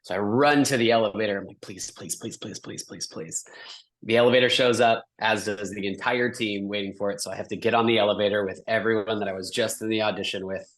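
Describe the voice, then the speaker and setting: A man with a fairly low voice tells a story on a podcast in an easy, self-deprecating way. He acts out what he said, rising into higher, sheepish voices. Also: fairly even intonation, quick pace, hardly any pauses, fairly bright tone. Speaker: podcast co-host. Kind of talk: casual chat.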